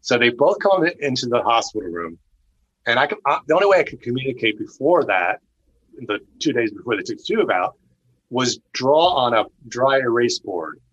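A man recounts a personal experience in casual, earnest speech that often restarts mid-sentence. His voice is forceful and somewhat husky. The recording sounds dull and lo-fi. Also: mid-range voice, very animated, moderate pace. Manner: earnest, conversational, with frequent restarts. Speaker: storyteller sharing personal testimony. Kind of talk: casual spoken storytelling.

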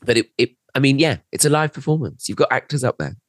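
A man's voice: mid-range voice, expressive, quick pace, dry recording, clean studio sound. A man co-hosting a comedy podcast, telling a rambling, self-mocking story in casual chat. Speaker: podcast co-host.

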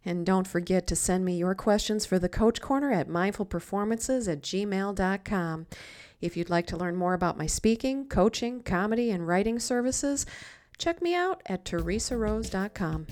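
A woman hosting a mindfulness podcast, giving slow soothing guidance that dips into soft whispers, then talking as a comedian. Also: mid-range voice, expressive, soft background music. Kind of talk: guided meditation and comedy bit.

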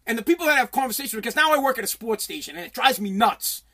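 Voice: medium pitch, expressive, rapid-fire, pushed and bright. A sports talk host giving heated, blunt commentary full of swearing, restarting sentences often while reading viewer comments. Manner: heated, profane, blunt, with frequent repeated restarts.

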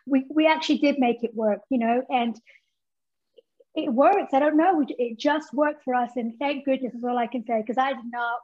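A woman guest speaks in a high voice, candid and chatty, filling her answers with little asides. Her audio comes through dull and lo-fi, as if over a remote link. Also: normal speed. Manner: candid, chatty, many fillers. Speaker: guest, former pro wrestler. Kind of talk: casual interview chat.

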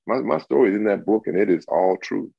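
A man in his sixties, a guest on an interview show, telling stories in a lively way and acting out what others said. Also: fast talker, creaky, breathy edge, dry recording, muffled recording. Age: 60s. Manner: animated storyteller, acts out quotes in a high voice. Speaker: guest, retired football player. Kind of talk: casual interview.

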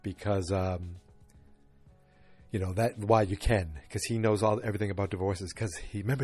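A man's voice: fairly low pitch, steady tone, moderate pace, darkish tone, husky, faint music behind. A man hosting a podcast, giving a rambling, casual episode recap with lots of fillers and restarts. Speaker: podcast host.

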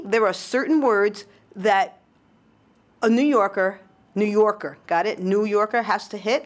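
A woman hosting a casual interview and asking curious, chatty questions. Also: mid-range voice. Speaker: interviewer host.

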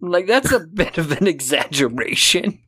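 This podcast co-host's voice is fairly high, bright and forceful with a breathy edge, swinging widely in pitch at a normal speed. He casually and sarcastically recaps a movie, doing its lines in silly voices.

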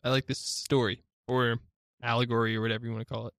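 A man co-hosting a comedy podcast, playing the dry, deadpan straight man in a studio. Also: medium pitch, fast talker, no room sound. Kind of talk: casual comedy banter.

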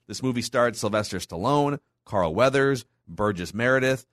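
A man's voice: mid-range voice, animated, moderate pace, few pauses, a bit bright, dry recording, studio quality. A man hosting a podcast, upbeat and teasing as he chats and reads a film summary. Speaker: podcast host. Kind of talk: casual chat and show hosting.

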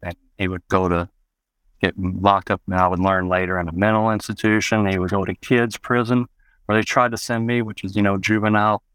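A man's voice: fairly low pitch, fairly bright tone, smooth, dry recording. A man from Arkansas, telling a personal story as an interview guest in a loose, reflective way, with many "you know" fillers, raising his voice to act out the people he quotes. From Arkansas, USA.

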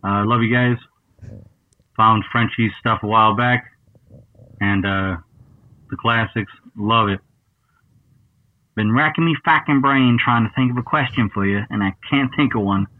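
A man's voice: lowish voice, measured pace, pauses often, no echo. A man from Michigan sends a friendly, joking voice memo to a podcast, swearing casually. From Michigan, USA. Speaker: fan sending a voice memo. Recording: dull lo-fi phone voice memo.

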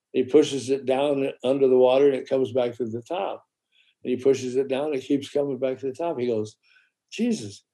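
A man telling a story in casual chat, acting out the voices of his characters and swearing now and then. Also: mid-range voice. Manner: animated, acts out the voices of characters in his stories.

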